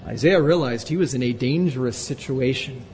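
A man's voice: moderate pace, a little mellow. A male pastor preaching a sermon in a church, emphatic and repeating words for weight. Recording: long reverb with faint rumble.

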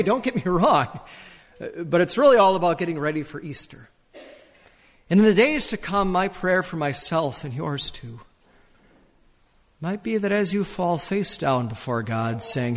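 Man preaching in a church, voice slightly high, echoing in a big hall. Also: moderate pace. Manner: expressive preaching, soaring and dropping pitch. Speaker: pastor. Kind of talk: sermon.

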